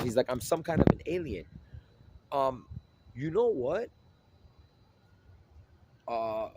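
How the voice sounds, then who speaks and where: A man's voice: medium pitch, a little mellow, a little hiss or hum. A man telling a rambling personal story outdoors at night, repeating himself and searching for words.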